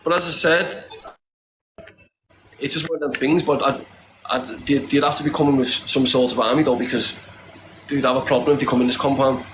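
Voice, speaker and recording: A man's voice: medium pitch, steady tone, brisk, long pauses, noisy background. A man with a northern English accent speaks bluntly in an interview, swearing often and tagging his sentences with "lad" as he repeats his points with force. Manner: emphatic, repeats himself. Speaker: interviewee, charity campaigner. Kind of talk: impassioned interview talk. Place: secure compound, indoors.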